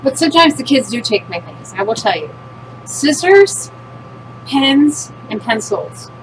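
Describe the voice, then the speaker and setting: A middle-aged woman talks through a home craft project in a slightly high, chatty voice, joking about herself as she works. A furnace hums clearly behind her in this noisy home recording. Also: very animated, measured pace. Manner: chatty, self-deprecating, talks while working. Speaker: craft demonstrator. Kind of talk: casual craft demo chat.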